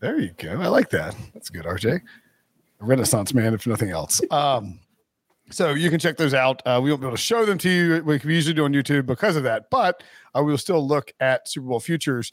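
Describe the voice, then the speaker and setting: A man's voice: mid-range voice, lively intonation, brisk, dry recording. A man hosting a casual sports podcast, rambling with lots of fillers and restarts and chuckling as he goes. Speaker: podcast host.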